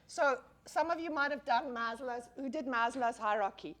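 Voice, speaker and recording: A middle-aged woman lecturing a class in a high, bright voice. She is animated and talks to the room directly, firing questions at the audience and dropping casual swear words. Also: moderate pace.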